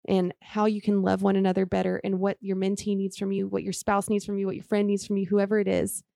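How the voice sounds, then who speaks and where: A woman's voice: mid-range voice, monotone, fast talker, vocal fry, dark tone, no room sound, clean studio sound. A woman co-hosting a faith-based podcast, talking earnestly in long flowing sentences. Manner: earnest, speaks in long flowing run-ons.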